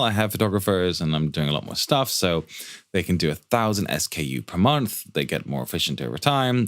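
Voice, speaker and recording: Deep-voiced man, fast casual tutor talking through a finance model, jokey asides, dry close mic. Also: dry recording. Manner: quick, joking asides and rhetorical questions. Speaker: startup finance instructor. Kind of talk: fast screen-share walkthrough of a spreadsheet.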